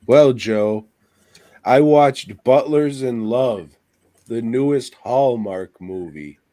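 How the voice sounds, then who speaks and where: A man's voice: mid-range voice, slow pace, mellow, no room sound. A man co-hosting a podcast, ranting crudely and swearing constantly in casual chat. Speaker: podcast co-host.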